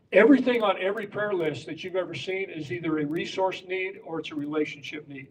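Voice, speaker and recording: High-voiced man addressing pastors. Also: recorded from a distance, a little hiss or hum, poor audio. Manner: emphatic, teaching by patterns and rhetorical questions. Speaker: pastor and prayer coach. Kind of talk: conference talk to pastors. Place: conference room with audience.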